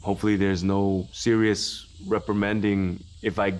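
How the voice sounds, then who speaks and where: A man's voice: on the low side, level tone, normal speed, a little mellow, clear, resonant tone. A man hosting a documentary, narrating his training and speaking candidly in interviews with an earnest, self-deprecating manner. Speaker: documentary host training at a temple.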